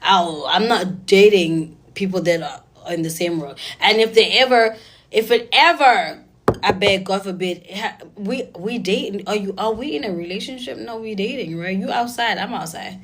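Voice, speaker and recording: A woman's voice: medium pitch, rough recording. A woman giving blunt, sassy dating advice in casual talk to an audience. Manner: blunt, sassy, rapid-fire.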